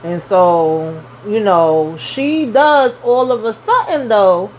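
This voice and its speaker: A woman's voice: medium pitch, animated, takes it slowly, darkish tone, low-quality recording. A young woman talks through a TV episode in a loose, sassy vlog style, tossing in slang asides as she goes. Her voice sits in a middling range. There is a faint hum of noise behind her. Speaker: TV show recap host. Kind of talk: casual recap vlog.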